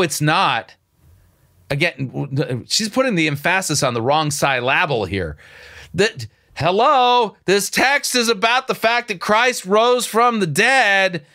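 A man's voice: fairly high pitch, animated, a little slow, pushed and bright. A man hosting a commentary show, picking apart a sermon clip with sarcastic, incredulous remarks and frequent restarts. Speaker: host.

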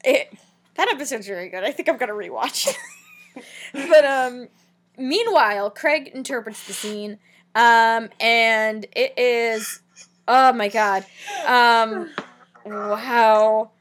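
Podcast co-host, woman with a slightly high voice, wry and chatty. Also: animated, a bit bright. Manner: chatty and wry, quick asides. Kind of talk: casual chat recapping a TV episode.

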